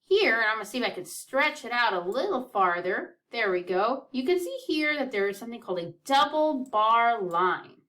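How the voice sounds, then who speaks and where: A woman's voice: on the high side, lively intonation, moderate pace, hardly any pauses, sharp tone, far from the mic. A woman teaching a children's music lesson, counting beats aloud in an upbeat, encouraging way.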